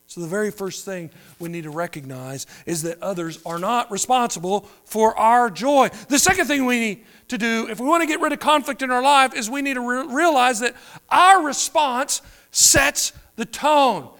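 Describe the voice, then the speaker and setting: A man preaching a sermon, moving between quiet, drawn-out phrases and louder emphatic ones. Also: very high voice. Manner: preaching with wide swings between soft and loud. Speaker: pastor.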